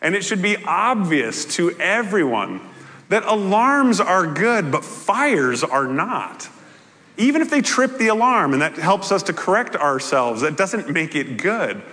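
Animated pastor preaching in a reverberant hall. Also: male voice, high-pitched, a little slow. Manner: animated, conversational, playful asides. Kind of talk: sermon. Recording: echoey hall with long reverb.

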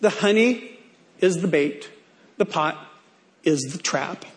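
A man's voice: high-pitched, slow pace. A male pastor preaching a sermon in a playful way, stretching key words out for emphasis.

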